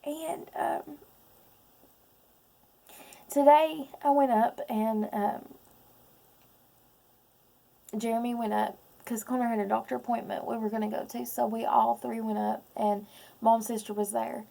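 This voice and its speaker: A woman in her thirties, speaking in a personal vlog, close to tears, halting with many pauses and ums. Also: fairly high pitch, steady tone, creaky, dark tone. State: close to crying. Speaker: vlogger.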